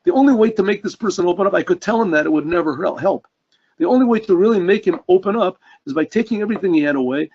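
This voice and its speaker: A male rabbi telling a story in an earnest sermon, often clearing his throat. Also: sits high, darkish tone. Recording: dull lo-fi recording.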